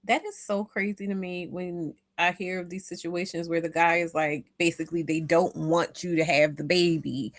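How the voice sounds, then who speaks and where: A woman hosting a talk podcast, commenting emphatically with loud stresses. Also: lowish voice, steady tone, moderate pace, hardly any pauses. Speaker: podcast host.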